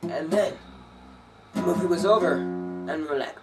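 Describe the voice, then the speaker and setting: A man improvising a rambling, giggly half-sung story, slipping into squeaky high voices to quote people. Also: normal speed, creaky, poor audio. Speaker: amateur singer-storyteller. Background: guitar playing.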